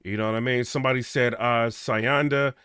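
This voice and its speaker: A man's voice: medium pitch, fairly even intonation, a little fast, pushed and bright, clear, resonant tone, dry recording, clean studio sound. A man hosting a late-night casual reaction stream, chatting loosely, reading viewer comments aloud and laughing often.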